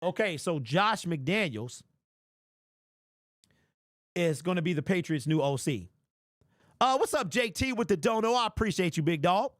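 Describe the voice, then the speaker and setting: A man hosting a casual fan live stream, chatting and reading donations in an animated, teasing, mock-indignant way. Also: sits high, unhurried, pauses often, no echo, studio quality. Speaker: fan livestream host.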